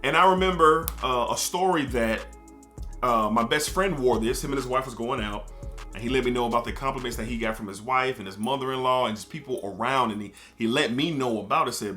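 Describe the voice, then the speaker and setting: A man reviewing fragrances in a relaxed, storytelling way, with frequent fillers. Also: medium pitch, a little fast, soft background music. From United States. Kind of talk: casual review talk to camera.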